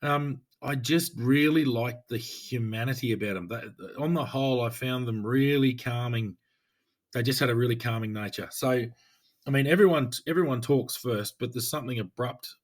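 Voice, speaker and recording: An Australian man co-hosting a podcast, a police officer chatting in a relaxed, rambling way with frequent restarts. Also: mid-range voice, normal speed. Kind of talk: casual chat.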